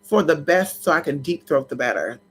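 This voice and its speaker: A dramatic, sassy vlogger chats with viewers in a bright, forceful voice. The pitch swoops high and low, and the talk bursts into laughs and shouts. It sounds like a casual livestream picked up on a camera mic. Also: animated, normal speed, husky. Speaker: spiritual vlogger.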